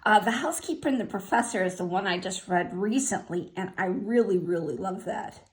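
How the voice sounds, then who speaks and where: An older woman talking casually, listing her favorite books in an unhurried way with fillers and short asides. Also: medium pitch. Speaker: vlogger sharing favorite books. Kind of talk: casual spoken list.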